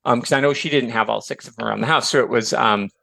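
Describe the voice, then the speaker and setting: A middle-aged man from Michigan chatting as a podcast guest, animated and filler-heavy, slipping into voices for quotes. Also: medium pitch, fast, creaky, dry recording. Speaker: podcast guest, author and educator. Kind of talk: casual chat.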